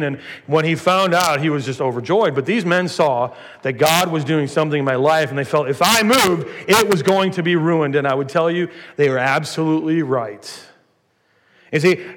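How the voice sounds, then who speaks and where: A man preaching a sermon as a pastor, telling personal stories with animated emphasis and folksy asides. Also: mid-range voice, long reverb tail.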